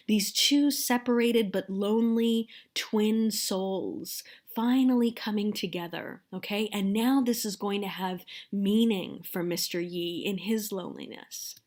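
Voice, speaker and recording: A woman's voice: medium pitch, a little mellow. A woman film lecturer talking through a scene in an earnest, emotive way, often checking in with her class.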